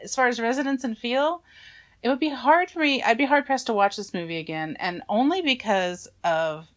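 A woman co-hosting a casual movie podcast, giving her opinion in a relaxed, thinking-aloud way. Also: fairly high pitch, normal speed. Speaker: podcast co-host. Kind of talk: casual movie review chat.

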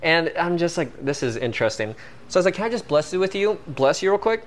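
Animated man telling a story. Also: a little high, fast. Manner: animated, filler-heavy, peppered with "like". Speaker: guest. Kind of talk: casual storytelling.

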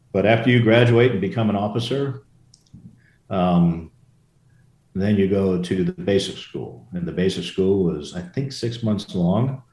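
A man's voice: sits low, warm tone. An older man, a former Marine aviator, telling stories in a casual interview, rambling with many restarts and asides. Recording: roomy echo.

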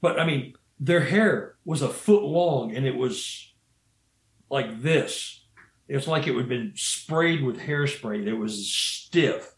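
A man's voice: medium pitch, animated, slow. A man telling a story in a casual, rambling way, often restarting his sentences and saying "you know.". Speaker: guest storyteller. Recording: roomy echo.

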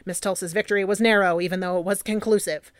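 A woman's voice: mid-range voice, steady tone, fast talker, smooth, no echo, close to an everyday voice. A woman voicing an old-timey 1920s newspaper announcer, grand and formal.

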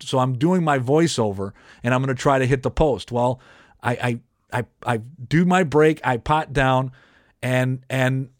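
A man's voice: mid-range voice, dry recording. Dry-sounding man telling a radio story. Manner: rambling, many restarts and self-corrections. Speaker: podcast host and radio DJ. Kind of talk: casual storytelling chat.

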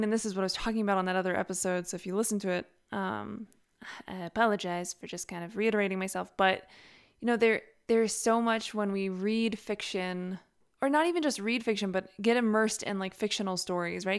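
A woman's voice: medium pitch, clean tone. A young woman hosting a casual solo podcast, chatty and rambling, with many "like"s and easy laughter. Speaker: podcast host and author.

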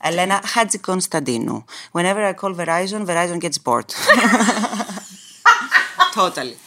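A woman from Greece, a guest in a casual interview, chatty and quick to laugh. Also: fairly low pitch, lively intonation, heavy background noise. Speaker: guest, entrepreneur.

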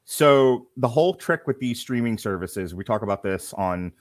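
Man, podcast co-host, jokey and rambling, mid-pitched voice, dry close sound. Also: expressive, normal speed, no echo. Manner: jokey, rambling, laughs at his own lines. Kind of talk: casual wrestling review chat.

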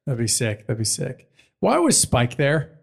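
A man's voice: medium pitch, wildly swooping pitch, a little slow, vocal fry. A man hosting a casual podcast chat, laid-back and profane, checking his notes as he talks. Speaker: podcast host.

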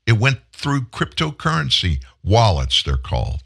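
An indignant man hosts a political commentary show, his pitch swinging widely as he argues. He keeps asking rhetorical questions. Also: wildly swooping pitch, unhurried, creaky, fairly bright tone, breathy edge. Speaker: host.

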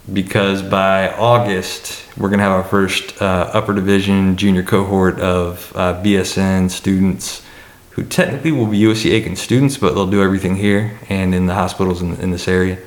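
A man's voice: low-pitched, flat delivery, moderate pace, reverberant. A man who works as a college administrator, answering questions on a panel in a hesitant way, with many fillers and restarts.

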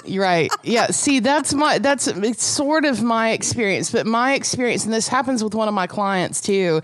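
A woman's voice: on the high side, animated, normal speed, dry recording, clean studio sound. A woman co-hosting a podcast in casual chat, rambling and hesitant with many fillers. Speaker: podcast co-host.

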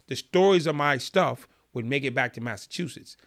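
A man's voice: mid-range voice, normal speed. A middle-aged man, telling his story in an interview and acting out the people in it. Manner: animated storyteller acting out quotes. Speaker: podcast guest.

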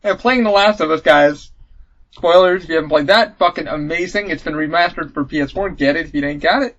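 Excitable sweary man on lo-fi audio. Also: a little high, a little fast. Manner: excitable, swears a lot, acts out game moments in loud yelps. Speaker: podcast host. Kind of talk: casual chat. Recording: dull lo-fi podcast audio.

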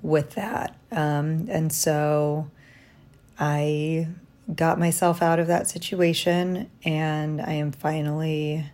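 A woman talking through a personal diary vlog from a hotel room, reflective and halting, tired after little sleep. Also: sits low, little pitch movement. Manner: reflective, halting, soft-spoken. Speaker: vlogger.

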